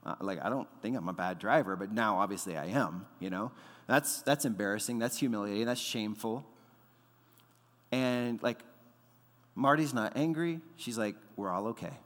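A man's voice: fairly low pitch, normal speed, a bit bright. A man in his thirties preaching a sermon as pastor, conversational, with frequent fillers and repeated words. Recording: long hall reverb.

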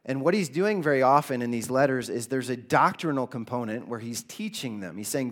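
A man preaching a sermon as pastor, earnest, with his voice rising for emphasis and dropping low for quoted lines. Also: expressive, normal speed, few pauses, a bit bright.

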